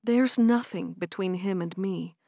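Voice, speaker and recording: A woman's voice: mid-range voice, measured pace, gravelly, warm tone, no room sound, studio quality. A woman reading the part of a nervous young Amish woman in an audiobook, hesitant and earnest.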